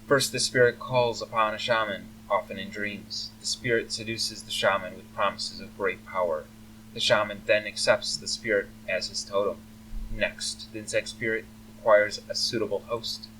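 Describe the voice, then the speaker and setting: A lofty male elf sage, as a man reads him out explains things in a dry, faintly amused lecturing tone. His voice is low and slightly distant, over a faint hum. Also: pushed and bright.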